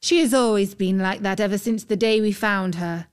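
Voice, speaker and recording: A woman's voice: mid-range voice, normal speed, clear, resonant tone, natural voice. A woman voicing an older fisherman's wife who speaks in a chiding way.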